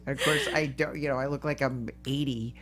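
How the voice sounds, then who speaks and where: Low-voiced woman, animated storyteller. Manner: animated storyteller who laughs often; fast run-on sentences with self-interruptions. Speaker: podcast host. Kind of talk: casual interview chat.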